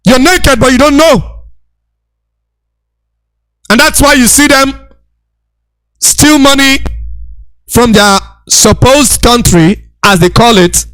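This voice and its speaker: A man with a very high voice lectures with fervor, hammering the same points again and again and often raising his voice to a shout. The sound is dry, with no room around it. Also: slow, long pauses, no echo. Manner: preachy, repetitive, shouting rebukes. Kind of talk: impassioned lecture.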